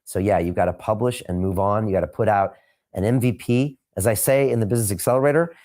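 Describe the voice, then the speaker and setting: A male podcast host, now the one being interviewed, gives candid answers in a lowish voice. He repeats phrases for punch and emphasis, then drifts into reflective asides that turn quiet and emotional at times.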